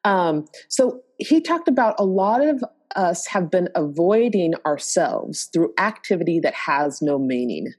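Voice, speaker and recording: A woman's voice: fairly low pitch, sing-song, measured pace, hardly any pauses, a little mellow, slightly rough. A woman co-hosting a podcast, chatting in an enthusiastic, gushing way. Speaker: podcast co-host. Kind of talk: casual chat.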